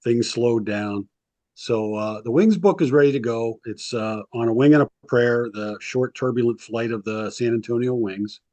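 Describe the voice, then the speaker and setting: A man's voice: mid-range voice, moderate pace, a little mellow, dry recording, dull audio. A man, a sports historian being interviewed, telling long anecdotes casually, with lots of ums and little acted-out quotes. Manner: rambling anecdotes with frequent ums, acts out quotes. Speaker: sports historian and author, guest.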